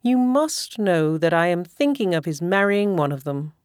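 A woman voicing an excitable, chattering middle-aged mother who fusses and insists, in an audiobook reading. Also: on the low side, normal speed, clear, resonant tone, no echo, studio quality. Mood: eager. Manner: breathless, insistent, fussing. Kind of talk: audiobook character voice.

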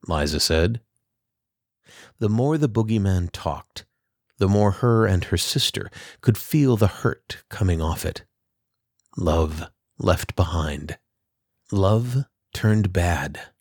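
A man reading a children's storybook aloud in a slow, calm, measured way. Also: low-pitched, dry recording, studio quality. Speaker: narrator.

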